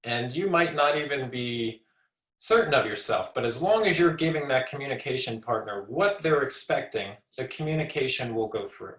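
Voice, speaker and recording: A man's voice: medium pitch, expressive, normal speed, a bit bright, reverberant, low-quality recording. A man in his forties, a speech pathologist, giving an informal educational talk in a conversational way, often restarting his words. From United States. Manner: conversational, repeats and restarts words, acts out short examples.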